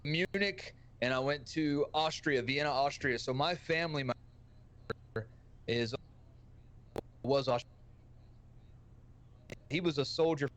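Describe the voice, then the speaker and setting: A man's voice: a little high, takes it slowly, long pauses, a bit bright, slight background noise. A man with a Texan accent, a streamer guest telling a brash, profane, joking story on a podcast.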